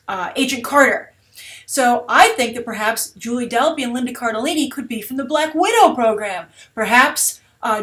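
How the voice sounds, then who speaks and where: A woman hosting a movie news show, talking through her film theories in a chatty, speculative way with frequent filler sounds. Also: on the high side. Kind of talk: casual movie commentary.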